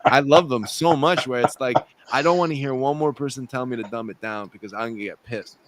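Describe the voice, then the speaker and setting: A man co-hosting a casual crypto talk show, ranting in a profane, animated way. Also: medium pitch, a little fast, very noisy. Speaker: co-host.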